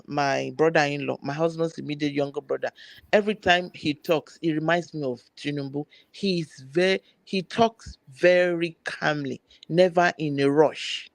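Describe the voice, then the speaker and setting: A woman's voice: deep voice, vocal fry, no echo. A woman on a political discussion panel, earnestly defending her view in casual talk.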